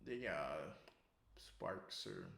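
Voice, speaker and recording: With an extremely low voice full of vocal fry, this podcast co-host talks very slowly yet animatedly about sports, cursing and rambling with frequent restarts. It's a casual chat, and the sound is reverberant.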